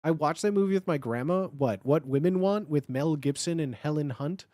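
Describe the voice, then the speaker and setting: A man's voice: fairly high pitch, dark tone, dry recording, studio quality. A man chatting casually as a guest on a livestream, rambling and full of filler words. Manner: rambling, with lots of filler words, and quick laughs. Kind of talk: casual chat.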